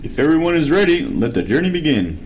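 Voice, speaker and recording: A man's voice: fairly high pitch, very animated, fast, a little hiss or hum, rough recording. A man as a cheerful storybook dad. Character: cheerful family dad driving kids. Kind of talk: bedtime storybook voice acting.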